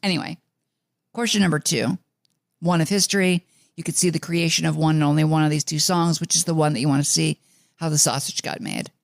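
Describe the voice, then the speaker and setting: A man's voice: a little high, fairly even intonation, fairly quick, gravelly, no room sound. A man from the New York suburbs co-hosting a music podcast in a rambling casual chat, full of fillers and restarts. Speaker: podcast co-host.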